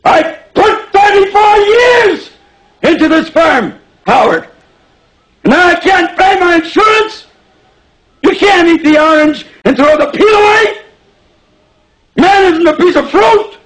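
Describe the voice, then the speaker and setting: Worn-out salesman over sixty, low-pitched, gravelly, pleading, rambling, film drama. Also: lively intonation, unhurried, pauses often, poor audio. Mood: pleading, shouting. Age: 60s. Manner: rambling, pleading, bursts into shouting. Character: worn-out old male salesman, desperate and proud. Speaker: aging traveling salesman.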